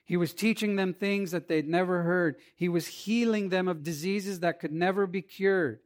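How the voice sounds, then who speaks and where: A man preaching a sermon, swinging between emphatic loud lines and hushed, quiet passages. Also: high-pitched, moderate pace. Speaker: pastor.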